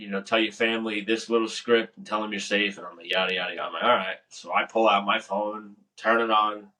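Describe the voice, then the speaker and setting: A man's voice: lowish voice, pushed and bright. A young man, a Navy veteran, telling boot camp stories in a casual, profane, laughing way. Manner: laid-back, profane, laughs often. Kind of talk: casual storytelling. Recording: voice a bit far from the mic.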